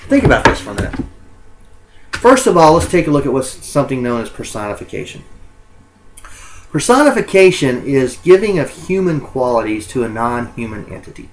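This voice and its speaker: A man's voice: mid-range voice, big pitch swings, a little fast, slight background noise, rough recording. A male college English instructor giving a recorded lecture. He fills his speech with ums and uhs and corrects himself as he goes.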